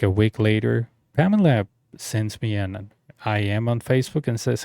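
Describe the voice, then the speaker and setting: A man's voice: lowish voice, normal speed, vocal fry, warm tone, dry recording, clean studio sound. A young man telling a personal story in a casual, rambling way, full of fillers and restarts. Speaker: story reader.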